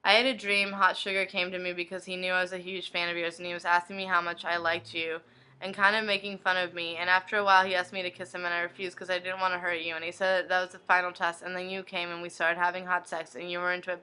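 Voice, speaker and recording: A young woman vlogger flatly reading fan messages from her inbox aloud, one after another. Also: lowish voice, fast, clear, resonant tone, low-quality recording. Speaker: video blogger reading fan questions.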